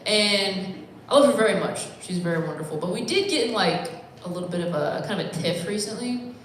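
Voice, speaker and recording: A woman's voice: mid-range voice, fairly quick. A woman doing a stand-up comedy set in a bar, talking in a rambling, self-deprecating, conversational way. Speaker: stand-up comic. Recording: echoey bar room, faint noise.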